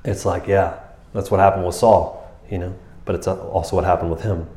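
Man, low voice, casual animated sermon, roomy echo. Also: moderate pace. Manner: animated, casual, keeps saying "man" and "you know". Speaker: preacher. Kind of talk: conversational sermon.

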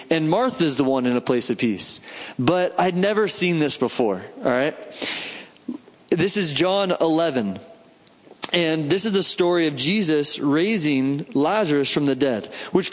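A man preaching a sermon in a relaxed, conversational way, often acting out the voices in the story. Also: a little high. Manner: conversational, animated, acts out quoted voices. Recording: long hall reverb.

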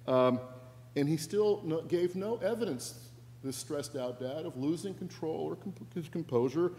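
A man preaching as a pastor, telling a story in a wry, conversational way, his voice softening at the ends of phrases. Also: fairly high pitch, a little slow. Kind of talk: sermon storytelling. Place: church sanctuary. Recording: long church reverb.

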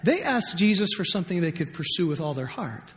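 A man's voice: high voice, very animated, brisk, a bit bright. A man preaching a sermon as pastor, conversational and joking, acting out scripture quotes. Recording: long hall reverb.

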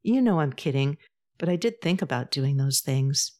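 A woman reading aloud and voicing a blunt, joking, beer-loving woman friend in a storybook podcast, with a low voice. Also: lively intonation, normal speed, dark tone. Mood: teasing.

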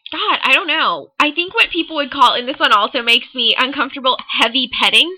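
A woman's voice: sits high, a little fast, pushed and bright. A young woman co-hosting a podcast, teasing and hesitant in casual chat, full of fillers. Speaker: podcast co-host. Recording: poor sound quality.

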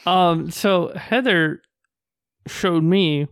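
Male co-host, casual rambling talk, smooth clear tone, dry room. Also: sits high, no room sound. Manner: rambling, halting, with many fillers. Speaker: podcast co-host. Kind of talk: casual chat.

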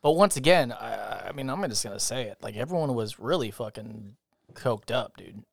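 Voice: medium pitch, expressive, moderate pace, creaky, dry recording. A podcast co-host chatting casually, rambling and crude, laughing often. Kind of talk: casual chat.

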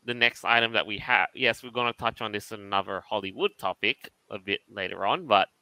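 Smooth, bright man introducing topics. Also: lowish voice, dry recording, rough recording. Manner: measured, leads into topics and reads headlines. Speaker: podcast co-host. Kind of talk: casual chat, introducing topics.

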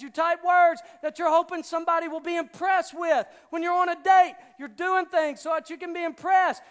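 A man preaching to teenagers, firing rhetorical questions at them and swinging from hushed intensity to shouted urgency. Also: very high-pitched, long reverb tail. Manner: rhetorical questions, direct address to teens. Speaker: youth pastor. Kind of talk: sermon.

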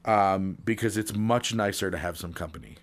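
A man's voice: lowish voice, normal speed, slight background noise. A man co-hosting a casual podcast, rambling with many fillers and setting up pun jokes. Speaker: podcast co-host. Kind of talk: casual chat.

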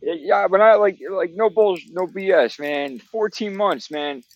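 A man talking excitedly and rambling in a casual group chat. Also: sits high, unhurried, highs cut off. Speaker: show regular.

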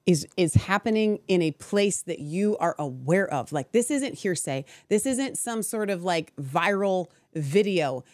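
A woman co-hosting a podcast, her voice swinging widely as she reacts and exclaims. She interjects quickly and pushes back in lively chat. The sound is dry and close to the mic. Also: lowish voice, no room sound. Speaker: co-host.

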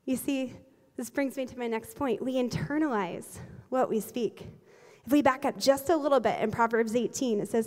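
Higher-voiced woman preaching in a reverberant hall. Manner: lively, humorous storytelling with quick laughs. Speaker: pastor. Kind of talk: sermon. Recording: long reverb of a large hall.

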